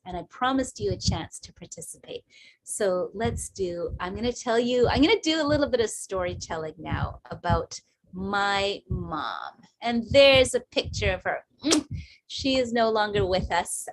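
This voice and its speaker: A woman with a Canadian English accent giving a chatty storytelling talk to a community event, with fillers and restarts and bursts of rising energy. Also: medium pitch. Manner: bursts of enthusiastic, rising energy when describing her mother. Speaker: speaker at a women's community event.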